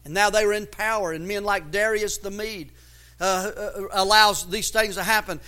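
A man preaching a sermon as pastor, building to loud emphatic runs and often repeating words as he searches for the next phrase. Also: high-pitched, steady tone, normal speed.

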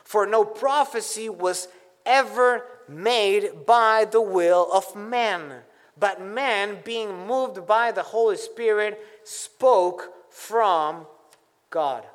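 A man with a high voice preaches slowly and deliberately, leaning hard on key words as he works through scripture. His voice rings out with a long reverb, as if in a large hall. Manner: deliberate, emphatic teaching with scripture quotes. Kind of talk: expository sermon.

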